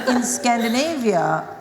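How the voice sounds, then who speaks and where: A woman from India, moderating a live panel and telling anecdotes with frequent laughter. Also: fairly high pitch. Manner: chatty, laughing through anecdotes. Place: stage in a large hall with live audience. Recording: echoey hall, noisy room.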